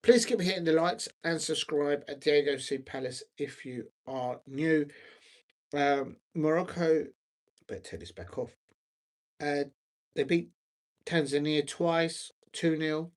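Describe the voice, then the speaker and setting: A man's voice: on the high side, measured pace. A man hosting a football chat on his own, rambling and hesitant, full of ums and restarts while he searches his notes. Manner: scattered, searching through notes while talking. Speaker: football watch-along host.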